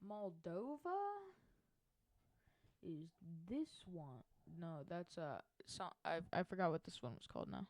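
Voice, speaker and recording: In a rather low, slightly slow and mellow voice with big pitch swings, a woman in her chair at home gives loose, chatty narration over a map, rambling and self-correcting.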